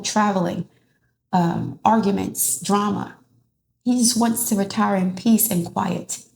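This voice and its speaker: Tarot reader, woman, mellow and gravelly, rambling casual delivery. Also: medium pitch. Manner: rambling, with many restarts.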